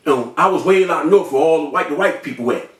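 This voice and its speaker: A young man telling a personal story in an animated way, acting out voices and sound effects with street slang. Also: on the high side, distant mic. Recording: echoey room, off-mic.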